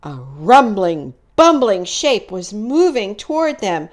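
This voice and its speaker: A woman reading a children's storybook aloud, expressive and unhurried. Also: medium pitch. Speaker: storybook reader.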